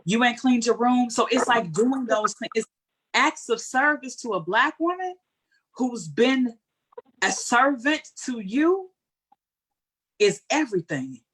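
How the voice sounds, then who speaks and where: A woman's voice: on the high side, slow pace, breathy edge. A woman answering an interview question in a candid, colloquial, heartfelt way, telling stories as she goes. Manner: earnest, candid, colloquial, animated storytelling. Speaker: guest speaker.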